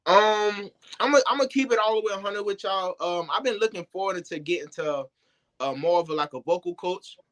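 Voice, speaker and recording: High-voiced young man, slangy and animated. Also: brisk. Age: young adult. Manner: loose, animated, slangy storytelling. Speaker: singer, interview guest. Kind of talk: casual interview talk.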